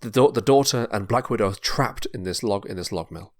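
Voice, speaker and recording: A man on a podcast, casually narrating a pitched story, rambling and repeating words. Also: a little fast. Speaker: podcast host.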